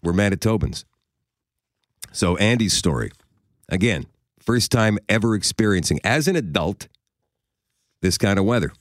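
Deep-voiced man, chatty radio host. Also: expressive, normal speed, pauses often, dry recording, studio quality. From Canada. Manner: chatty, conversational, with asides and chuckles. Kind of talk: radio talk, reading a listener's email aloud.

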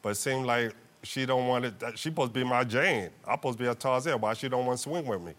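A man pleads his case as a husband in a TV courtroom, with a middle-pitched voice. He tells his story in a playful, animated way. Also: fast. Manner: playful, animated storyteller who laughs a lot. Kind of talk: courtroom testimony.

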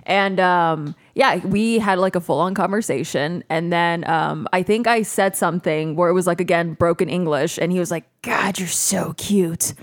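A woman in her thirties co-hosting a casual chat, telling an animated story with frequent laughter. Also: on the low side, moderate pace, few pauses.

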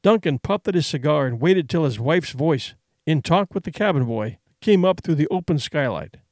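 Expressive male audiobook narrator. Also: a little high, no room sound, studio quality. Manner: measured, expressive storytelling.

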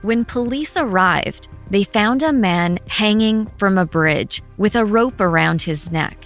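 A woman narrating a true crime news segment in a measured, grave, scripted way. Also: mid-range voice, lively intonation, soft background music.

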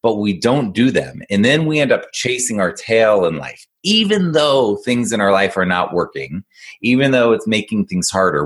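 A man with a very deep voice coaching kids in a casual conversation. He explains in an upbeat, patient way, often checking in with his listener. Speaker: executive functioning coach.

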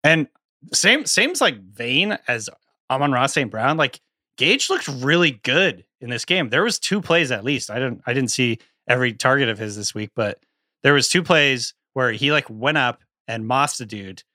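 A man's voice: medium pitch, expressive, moderate pace, sharp tone, no echo. A man co-hosting a podcast in casual chat, analytical and rambling, with many fillers, on a studio microphone. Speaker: podcast co-host.

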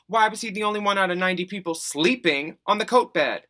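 A campy podcast co-host, a man with a fairly high, bright and forceful voice. He talks in an animated, giggly, teasing way, hosting casual chat. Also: fast talker.

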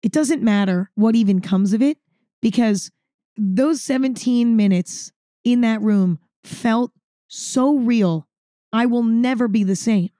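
A woman with a fairly high voice tells a personal story straight to camera. She is dramatic and emphatic, repeats words for effect and swears casually. The sound is dry and close, with no room echo. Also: slow, mellow. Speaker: vlogger. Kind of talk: storytime monologue.

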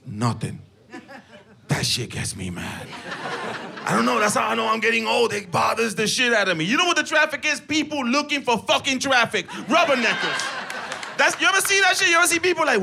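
A man with a high voice performs a stand-up set, animated and profane, acting out little scenes with sudden yelps. He works a comedy club stage on a handheld mic. The live recording is noisy, with audience laughter behind him. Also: brisk, creaky. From Latino, in Los Angeles. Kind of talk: stand-up routine.

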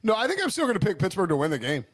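Male co-host, somewhat high pitch, dry sound, rambling casual talk. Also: huge pitch swings, racing, dry recording. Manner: rambling, with many restarts and "like". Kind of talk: casual sports betting chat.

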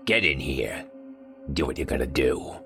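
A hissing, papery-voiced old man , voiced by a male storyteller, who menaces with slow, sneering threats and sometimes drops to a whisper. The voice sits very low and gravelly, with faint music behind it. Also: lively intonation.

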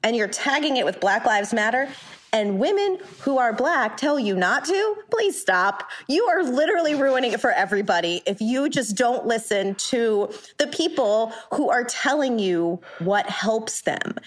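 A woman's voice: on the high side, sing-song, normal speed. A woman on a podcast panel, talking bluntly and with heated passion, swearing freely in a long, rambling turn. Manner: blunt, profane, impassioned; long rambling turns with restarts. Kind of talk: heated casual discussion.

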